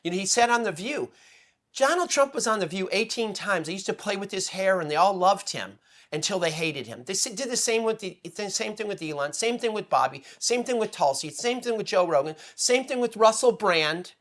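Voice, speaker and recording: A man speaking as a guest on a political talk show, emotional and rambling, swinging between loud outbursts and hushed asides. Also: sits high, lively intonation, fairly quick. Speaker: guest commentator. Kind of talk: impassioned political commentary.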